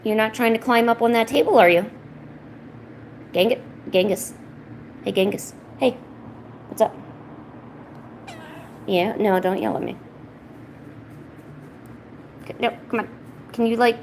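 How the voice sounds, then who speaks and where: A woman streaming a painting session from home, chatting casually and rambling with lots of restarts, often cooing softly to her cat. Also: fairly high pitch, a little slow, long pauses, slight background noise, poor audio. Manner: rambling, self-interrupting, soft baby talk to her cat. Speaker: art streamer. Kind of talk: casual chat while painting. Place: home, indoors.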